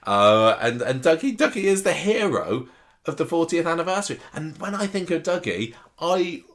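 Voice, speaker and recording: A man, chatting casually as a podcast host, animated and laughing often. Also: on the high side, moderate pace. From southern England. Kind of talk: casual chat recapping a soap opera.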